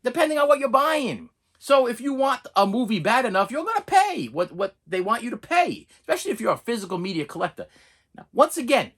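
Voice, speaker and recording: A man's voice: very high-pitched, very animated, a little fast, fairly bright tone. A man hosting a movie review channel, talking in a casual, rambling way, repeating words, restarting sentences and chuckling between phrases.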